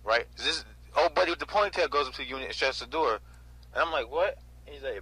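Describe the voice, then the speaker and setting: A man in his twenties from North Carolina casually recounting a storage auction in an animated way, often adding "right?" and "you know?". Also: mid-range voice, a little fast, breathy edge, dry recording, low-quality recording. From North Carolina, USA. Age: 20s. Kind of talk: casual storytelling vlog.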